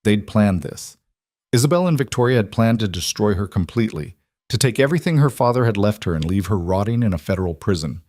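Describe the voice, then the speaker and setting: Low-voiced male story narrator. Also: expressive, quick pace, a little mellow, no room sound. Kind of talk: scripted romance story narration.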